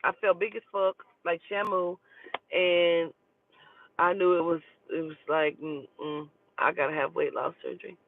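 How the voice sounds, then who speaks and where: A woman telling a personal story in a casual, profane and animated way. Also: on the low side, unhurried, dry recording. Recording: tinny phone-like dry recording.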